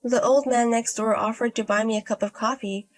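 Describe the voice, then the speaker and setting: A woman voicing an unbothered young woman who gambles, speaking in a low-key deadpan way in a storybook. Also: a little fast, soft background music, natural voice.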